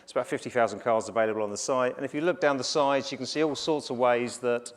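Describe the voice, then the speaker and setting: A man's voice: mid-range voice, fast. Man, middle-aged, conference stage presentation, casual delivery, frequent ums and restarts. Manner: conversational, frequent fillers and restarts. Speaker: conference speaker.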